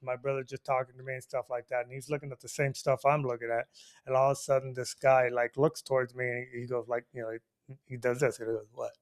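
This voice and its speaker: Man, storyteller host, medium pitch, animated, often laughing, casual talk to listeners. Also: fast talker, clean tone. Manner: animated, laughing, repeats "you know what I mean".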